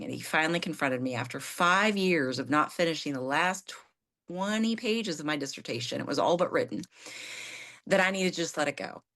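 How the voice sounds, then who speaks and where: A woman in her fifties with a lowish voice talks candidly as a guest on a conversational show. She is animated and self-deprecating, and she jumps into acting out her own exasperated quotes as she tells the story. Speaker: therapist and coach guest.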